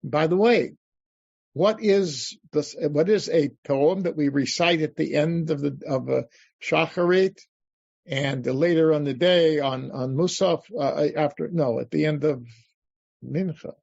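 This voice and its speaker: An older man, a rabbi, teaching a class over a video call, animated, acting out pleas to God with many restarts. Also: fairly high pitch, a little slow, creaky, breathy edge, no room sound. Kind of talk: animated lecture. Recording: dull lo-fi video call audio.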